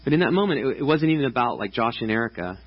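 A man's voice: medium pitch, sing-song, racing, highs cut off, a little hiss or hum. A man in his thirties preaching a casual, chatty sermon to a congregation, with lots of restarts and filler words. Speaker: pastor. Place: church stage before a congregation.

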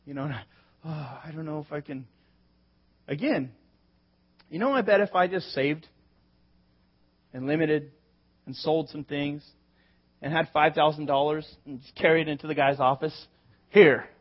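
A man in his thirties with a notably high voice delivers a sermon, talking through a personal story in a loose, conversational way and acting out quoted lines. The recording is a little dull and lo-fi. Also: moderate pace, pauses often. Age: 30s. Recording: slightly dull lo-fi sound.

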